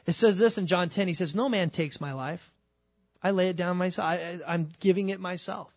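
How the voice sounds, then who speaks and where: A man preaching a sermon. He talks in an animated way and acts out the scripture scenes with quick shifts of voice. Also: high voice, no echo. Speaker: pastor.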